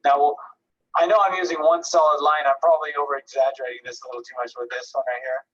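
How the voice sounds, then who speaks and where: A man teaching a live online painting class, giving relaxed, encouraging critiques and thinking aloud with frequent restarts. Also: a little high, quick pace, highs cut off. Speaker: painting instructor. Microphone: video call.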